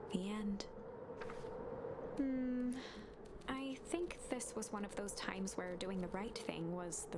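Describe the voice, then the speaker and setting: A woman narrating a storybook game in a calm, measured scripted read. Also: mid-range voice, noisy background. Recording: music playing underneath.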